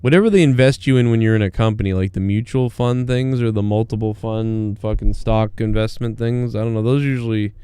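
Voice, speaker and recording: A man's voice: lowish voice, fairly quick, hardly any pauses, warm tone, clean tone. A man hosting a podcast, chatting loosely with lots of swearing and laughing. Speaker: podcast host. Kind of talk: casual podcast banter.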